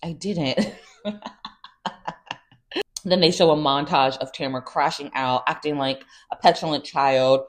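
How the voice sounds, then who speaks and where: A woman's voice: deep voice, fairly even intonation, measured pace, long pauses. A woman hosting a casual reality TV recap, chatty and sassy with exasperated asides.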